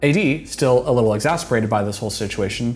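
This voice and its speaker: A man giving casual, earnest commentary on a reality show clip, analytical and quick to restart his sentences. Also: mid-range voice. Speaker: reaction commentator.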